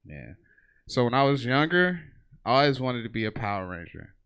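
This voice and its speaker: A man performing stand-up on a comedy theater stage, spinning profane stories. His voice is bright and forceful at an ordinary middle pitch. He slips into short bursts of other people's voices while he tells them. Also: big pitch swings, moderate pace, clean tone.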